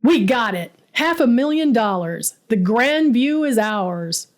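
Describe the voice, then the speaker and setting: A woman's voice: fairly high pitch, lively intonation, slow. A woman voicing an arrogant, condescending male construction boss in a storybook narration, smug and dismissive.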